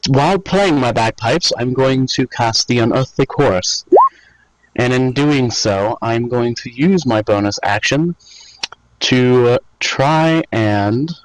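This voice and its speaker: A man playing a tabletop game, explaining his moves in a measured way. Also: medium pitch, poor audio. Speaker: player.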